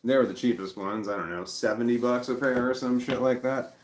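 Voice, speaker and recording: A middle-aged man vlogging in casual chat, rambling and halting, with blunt swearing. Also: mid-range voice, flat delivery, reverberant.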